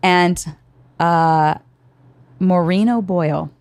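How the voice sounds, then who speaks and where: A woman with a lowish voice tells stories with animated, salty energy. She talks in casual podcast chat, and the sound is dry and close. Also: very slow, no echo. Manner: animated, profane storytelling. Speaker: podcast guest.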